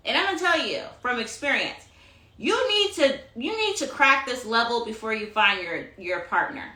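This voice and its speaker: In a roomy-sounding space, a tarot reader speaks in a fairly high, sharp voice, animated and a little fast. She's reading cards on an Instagram live stream from her phone, cursing with sass, pushing self-love, and addressing everyone as honey.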